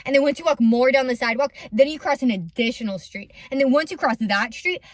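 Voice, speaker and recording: A young woman who runs a massage business tells a story in a chatty, animated way, with many fillers. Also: sits high, fast, dry recording. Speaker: lymphatic massage business owner. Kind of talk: casual storytime vlog.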